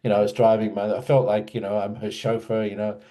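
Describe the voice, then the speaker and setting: Older aussie guy, 60s, rambling interview guest, lowish mellow voice, keeps restarting his sentences. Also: level tone, fast talker. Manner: meandering storyteller, many restarts and asides. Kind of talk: reminiscing in a casual interview.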